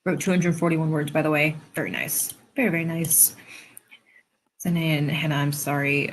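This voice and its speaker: A young woman with a slightly low voice chats casually on a home livestream. She reacts to viewer comments, reads them aloud and laughs often. A faint hiss sits behind her. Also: normal speed. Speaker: livestream host and writer.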